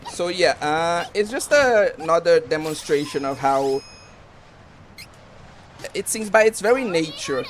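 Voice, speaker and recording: A man's voice: on the high side, lively intonation, measured pace, long pauses, slight background noise. A man streaming a game, talking casually and rambling with lots of fillers. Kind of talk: casual commentary while gaming.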